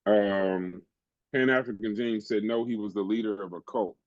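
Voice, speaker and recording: A man's voice: on the low side, moderate pace, no echo, dull audio. A man hosting a casual podcast chat, laughing often and talking in loose slang. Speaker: podcast host.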